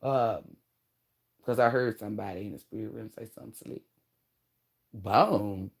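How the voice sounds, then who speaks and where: A woman in her thirties talks directly to her viewers in a casual advice monologue. Her delivery is blunt and animated, full of slang and casual swearing. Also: rumbling low, a little fast, creaky, husky. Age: 30s. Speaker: vlogger giving relationship advice.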